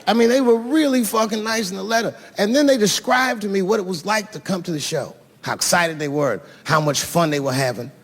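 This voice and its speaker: A man with a fairly high, slightly bright voice does stand-up on a large theater stage before an audience, talking quickly with hardly any pauses. He tells a long, profane story in a conversational way that builds to punchlines. The live stage gives the recording a long hall reverb.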